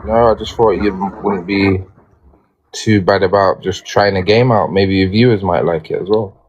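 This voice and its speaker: A man's voice: low voice, steady tone, normal speed, highs cut off. A man with an English accent hosting a game on a livestream, polite and hesitant, with fillers and restarts. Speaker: game host.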